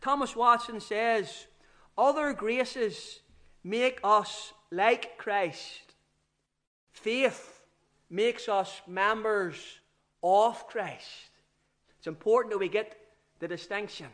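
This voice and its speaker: Male preacher, high voice, unhurried emphatic delivery, repeats key phrases for stress. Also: a bit bright. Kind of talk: sermon.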